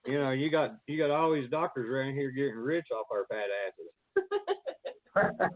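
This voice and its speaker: A man's voice: medium pitch, big pitch swings, unhurried, no echo. Country guy from virginia, appalachian drawl, cusses and laughs a lot, tinny dry line. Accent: Southern Appalachian. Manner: laughs often, swears freely. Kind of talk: casual chat.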